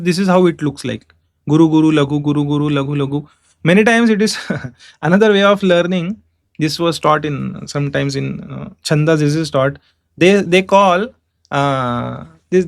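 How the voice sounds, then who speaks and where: A man teaching a class, explaining step by step and chanting verses slowly in meter. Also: fairly high pitch, vocal fry, no echo, clean studio sound. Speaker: Sanskrit teacher. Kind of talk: online class lecture.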